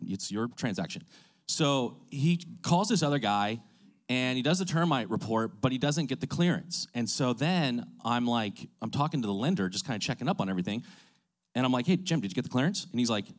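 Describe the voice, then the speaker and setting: Chatty man, lowish voice. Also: lively intonation, quick pace. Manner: chatty, many fillers and asides. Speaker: real estate business owner. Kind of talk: casual storytelling.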